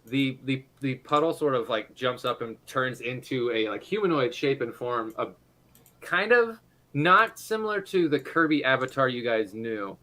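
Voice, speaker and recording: A man's voice: mid-range voice, animated, normal speed, bright, forceful tone, low-quality recording. A man narrating a tabletop role-playing game as game master, rambling through fillers and restarts and laughing often.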